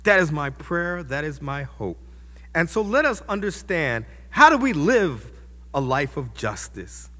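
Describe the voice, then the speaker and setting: High, lively preaching man in echoing hall. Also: a little slow. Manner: impassioned preaching with sudden loud rises. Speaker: pastor. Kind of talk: sermon. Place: church.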